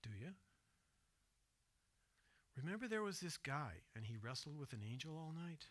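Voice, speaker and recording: A man preaching a sermon in church, swinging between hushed, soft retelling and loud, emphatic asides, and asking his listeners direct questions. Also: on the high side, very animated, normal speed. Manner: asks the congregation direct questions. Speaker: pastor. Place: church sanctuary.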